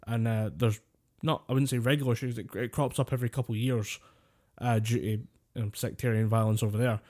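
Brit podcast co-host, mid pitch, wry rambling chatter. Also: male voice, steady tone, a little fast, a little mellow. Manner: rambling, wry, laughs often. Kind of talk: casual chat.

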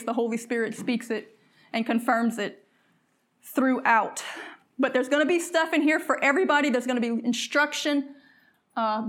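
A woman preaching a fervent sermon in church, slowing down to read scripture and calling on the congregation to answer back. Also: fairly high pitch.

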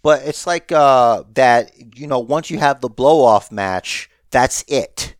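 A man's voice: mid-range voice, slow, clean tone, dry recording, clean studio sound. A man co-hosting a podcast, chatting casually and joking about wrestling. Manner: animated, joking, drops into mock voices. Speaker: podcast co-host.

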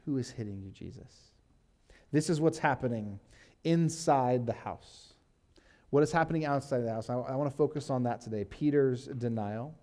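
Mellow-voiced man preaching casually. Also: medium pitch, moderate pace. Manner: casual, uses "like" and fillers, reads scripture aloud. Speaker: pastor. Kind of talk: conversational sermon teaching.

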